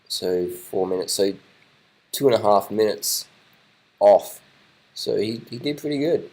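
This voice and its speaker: A man's voice: lowish voice, lively intonation, a little slow, pauses often, a little mellow, poor audio. A man giving casual, rambling commentary over race footage, swearing and repeating himself as he watches.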